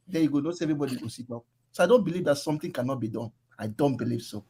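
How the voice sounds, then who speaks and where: A man's voice: a little high, animated, racing, a little mellow, breathy edge. A man with a Nigerian accent speaking earnestly and persuasively on an online group call, mixing in pidgin. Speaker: call-in participant. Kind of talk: casual online group discussion.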